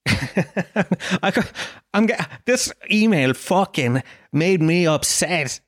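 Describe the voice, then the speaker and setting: A man in his thirties with a Dublin Irish accent, ranting and swearing on his own solo podcast, mock-indignant and animated. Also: high voice, very slow. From Ireland. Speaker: podcast host. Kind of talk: casual solo podcast rant.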